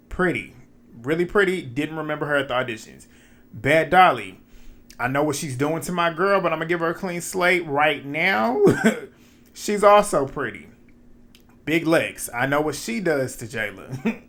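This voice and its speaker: A man's voice: on the high side, bright, forceful tone. A man hosts a laid-back recap of a reality series. He is chatty and opinionated, often laughing and speaking straight to his audience as if among friends. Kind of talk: casual recap commentary.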